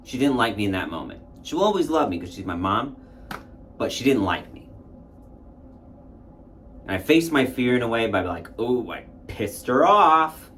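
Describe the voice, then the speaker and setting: A man's voice: mid-range voice, big pitch swings, normal speed, pauses often, a little hiss or hum. A man casually telling a candid, reflective personal story and acting out his own past thoughts. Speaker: spiritual content creator.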